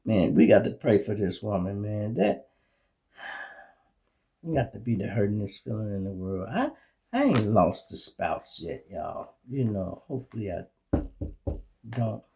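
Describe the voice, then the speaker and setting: A middle-aged man with a Chicago accent hosting his own show, telling animated, streetwise stories in a casual monologue full of profanity. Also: fairly low pitch, unhurried, creaky, pauses often, slight background noise. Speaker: show host.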